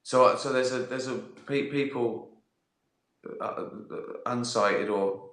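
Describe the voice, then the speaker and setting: A man's voice: mid-range voice, unhurried, fairly bright tone. A man chatting casually on a live stream, answering viewer questions in a rambling way, swearing and laughing at his own jokes. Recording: echoey room.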